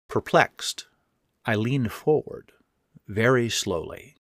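A man narrating a first-person horror story in a measured, deliberate way. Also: low-pitched, no echo, studio quality.

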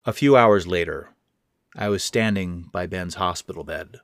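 A man narrating a first-person horror story in a measured, deliberate way. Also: sits low, dry recording, studio quality.

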